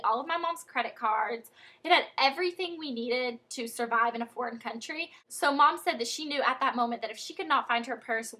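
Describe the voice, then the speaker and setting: A young American woman tells a childhood story straight to camera, chatty and animated, with lots of "like" and "um". Her voice sits high and bright, with a soft breathy edge. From United States. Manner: chatty and animated, many fillers like "like" and "um". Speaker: vlogger. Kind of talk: casual storytelling vlog.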